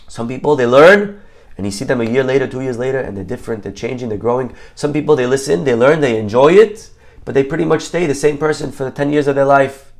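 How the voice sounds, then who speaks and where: A rabbi delivers a sermon as a lively parable, jumping between the characters' voices as he tells it. His voice is mid-pitched with a gravelly edge. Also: fast. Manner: animated storyteller acting out characters' lines. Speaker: rabbi teaching a Torah class. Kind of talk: storytelling sermon.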